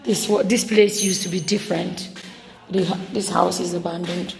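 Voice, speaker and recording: A woman's voice: lowish voice, steady tone, normal speed, vocal fry, slight background noise. A young Nigerian woman vlogging a casual tour of a village house, talking with a Nigerian accent, mixing Igbo and English and exclaiming often.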